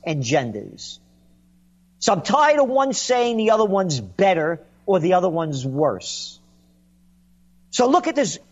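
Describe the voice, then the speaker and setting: A man on a sarcastic political rant, his voice sitting a little high and swooping all over the place. He sounds mocking and indignant, and the recording is dull and lo-fi. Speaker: commentator.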